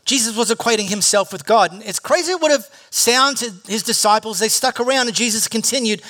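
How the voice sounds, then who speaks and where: A man preaching a sermon in a conversational, animated storytelling way, with jokes and asides, acting out the disciples as he goes. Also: sits high, fairly quick, few pauses. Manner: animated storytelling, acts out the disciples and Jesus in quoted voices. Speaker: pastor.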